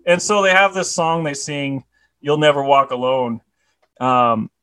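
A man co-hosting a comedy podcast in loose, casual chat. He laughs easily and hesitates with lots of fillers. His voice sits a little high. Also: measured pace, sharp tone, smooth. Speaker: podcast co-host.

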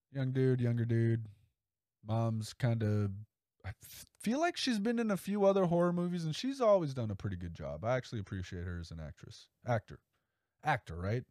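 A man's voice: mid-range voice, warm tone, no room sound, clean studio sound. A man hosting a casual solo podcast, rambling and enthusiastic, with frequent swearing. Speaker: podcast host.

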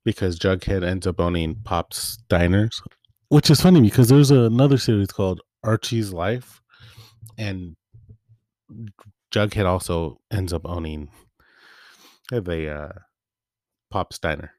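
A man's voice: sits low, unhurried, pauses often, darkish tone, dry recording, clean studio sound. A man hosting a casual comic review, rambling with fillers and trailing asides, his voice wearing out. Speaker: host.

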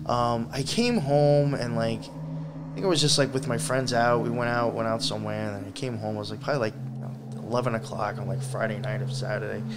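A man's voice: mid-range voice, fairly even intonation, brisk, background noise. A man hosting a podcast, chatting casually and telling a story with lots of swearing. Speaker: podcast host. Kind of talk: casual chat.

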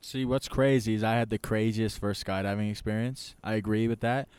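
A man telling a story in casual chat, rambling and animated, often tagging lines with "right?". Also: lowish voice, fairly quick, smooth, dry recording.

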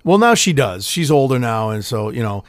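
A man's voice: medium pitch, sing-song, moderate pace, dry recording. A middle-aged man telling swear-filled family stories in a casual podcast chat, acting out quotes. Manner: profane, storytelling with acted-out quotes. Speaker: podcast co-host.

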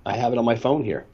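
A man's voice: medium pitch, breathy edge, highs cut off. A middle-aged man co-hosting a podcast, chatting casually and telling rambling stories with wry complaints, a bit worn down by allergies. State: congested from allergies. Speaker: podcast co-host.

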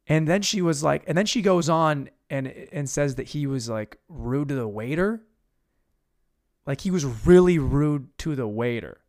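A man's voice: fairly high pitch, unhurried. A man casually retelling a radio story with swearing and put-on voices. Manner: casual, profane, animated retelling. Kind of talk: comedic storytelling.

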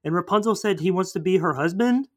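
A man rambles through a movie plot in casual podcast chat, slipping in quick character voices. His voice sits a little on the high side for a man. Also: lively intonation. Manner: rambling storytelling, acting out characters. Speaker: podcast co-host.

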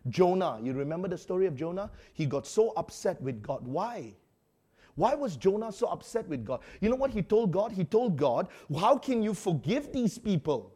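A male pastor preaching a sermon in an animated way, acting out quotes with sudden loud outbursts. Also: on the high side, moderate pace.

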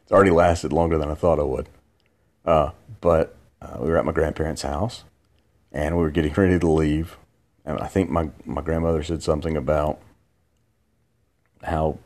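A man's voice: a bass voice, fairly even intonation, normal speed, pauses often, darkish tone. A man, hosting his own podcast, rambling through a drowsy late-night monologue from bed, full of restarts and asides. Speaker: podcast host. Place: in bed at home.

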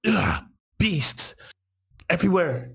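A woman's voice: fairly low pitch, animated, takes it slowly, vocal fry, a bit bright, husky, pitched above the performer's own voice, exaggerated voice. Bambi, a man doing a frantic woman. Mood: distressed. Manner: broken, urgent fragments. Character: desperate young woman fighting beasts, panting.

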